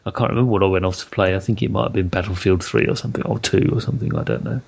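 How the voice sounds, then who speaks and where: A man's voice: deep voice, very fast, creaky, a little mellow, slightly rough. A British man hosting a podcast interview, chatty and enthusiastic, laughing often. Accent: British English. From Britain. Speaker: podcast host. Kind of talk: casual interview chat.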